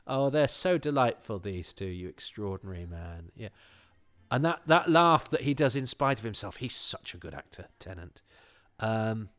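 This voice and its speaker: A man's voice: on the low side, sing-song, unhurried, fairly bright tone. A man guesting on a podcast, chatting casually and enthusiastically in a rambling way with chuckles. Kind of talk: casual chat.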